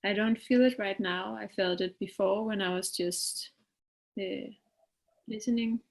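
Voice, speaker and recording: Slow, flat-voiced reflective woman. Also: mid-range voice, gravelly. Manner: hesitant, reflective, trailing off. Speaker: client in a session. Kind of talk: casual conversation.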